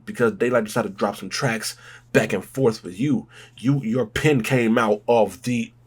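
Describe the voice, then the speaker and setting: A man hosting a music reaction video, talking in an excitable, rambling way with drawn-out, emphatic exclamations. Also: on the low side, husky. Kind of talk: casual music reaction commentary.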